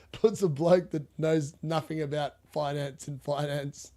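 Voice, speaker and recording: A man's voice: on the high side, warm tone. An Australian man from Perth hosting a casual fantasy football live stream, chatting and rambling with viewers, blunt and laughing often. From Perth, Western Australia.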